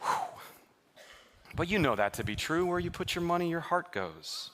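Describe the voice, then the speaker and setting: A man preaching a sermon as a pastor to his live congregation in a church, telling stories in a lively way and teasing the listeners with jokes. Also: on the high side, normal speed, slight background noise. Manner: lively, joking storyteller who teases the congregation.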